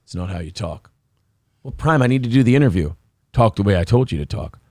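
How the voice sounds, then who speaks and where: Man doing a low stern coach. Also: lively intonation, fairly quick, a little mellow, no echo, studio quality, close to an everyday voice.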